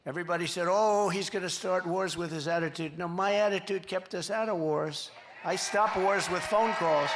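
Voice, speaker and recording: A man giving a campaign rally speech in a boastful, rambling, repetitive way, sometimes shouting to the crowd. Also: high voice, gravelly. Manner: boastful, repetitive, rambling, quoting others in asides; shouting to a cheering crowd at times. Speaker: political candidate at a rally. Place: large rally venue. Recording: echoey venue with faint background noise.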